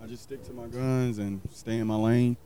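A man's voice: medium pitch, little pitch movement, moderate pace, warm tone, slight background noise. A man from South Carolina, a pitmaster, telling his story in a casual interview, rambling with many fillers. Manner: rambling, many fillers, acts out quoted people. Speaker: pitmaster and restaurant owner.

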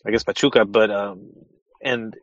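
A man's voice: fairly low pitch, fairly even intonation, normal speed, no room sound. A man co-hosting a casual podcast chat, talking tentatively and hedging his points. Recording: slightly dull lo-fi sound.

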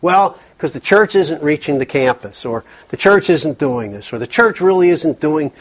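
A man's voice: fairly high pitch, animated, moderate pace. A man speaking earnestly at a church counseling workshop, often repeating words as he thinks. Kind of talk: conversational workshop talk.

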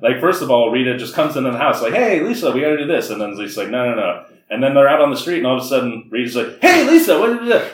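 Rapid-fire and barely pausing, this mid-range-voiced man co-hosts a podcast, chatting casually about a movie, laughing frequently and acting out what the characters say. There's slight background noise, an echoey room, and he's somewhat far from the microphone.

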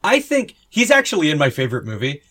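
A man in casual podcast talk about films, offering relaxed, matter-of-fact opinions. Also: fairly high pitch, fast. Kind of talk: casual film discussion.

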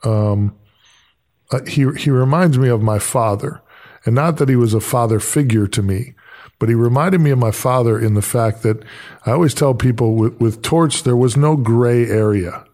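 A man at a mid pitch hosts a relaxed podcast chat. He tells stories at length in a loose, friendly way and laughs as he goes. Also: normal speed. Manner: chatty storyteller, laughs while telling anecdotes. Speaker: podcast host. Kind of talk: casual interview chat.

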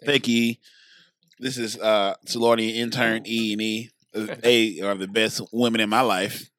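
A young adult man co-hosting a podcast, chatting casually in an animated, profane way that rises to excited outbursts. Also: fairly low pitch, unhurried, no echo, studio quality. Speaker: podcast co-host. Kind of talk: casual chat.

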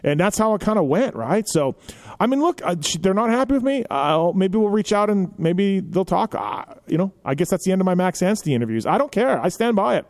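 A man hosting a podcast, telling stories in a casual, animated way with lots of filler phrases. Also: high voice, brisk. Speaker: podcast host.

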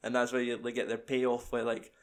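A man's voice: mid-range voice, monotone, a little fast. A young man chatting casually about a film, rambling and swearing as he retells scenes. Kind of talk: casual film review chat.

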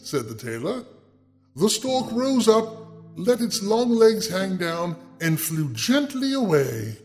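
A high, animated male voice reading an old fairy tale with dramatic flair. Between passages he drops into sardonic asides that mock the story. Soft guitar music plays in the background. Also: takes it slowly. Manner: sardonic, mocking asides to the listener. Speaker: storyteller host.

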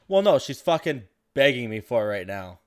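A man's voice: medium pitch, big pitch swings, fairly quick. Man, casual co-host, hesitant, mumbly at times, swears a lot. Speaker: co-host talking about his dating life. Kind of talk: casual chat.

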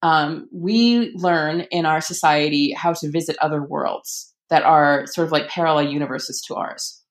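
A woman author talking casually about books, chatty, with many fillers and animated quoting. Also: sits low, a little slow. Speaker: author guest. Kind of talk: casual podcast conversation.

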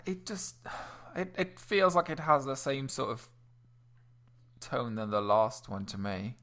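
A man's voice: medium pitch, sing-song, a little slow, fairly bright tone. A man co-hosting a casual chat about poetry, often hesitating and repeating words.

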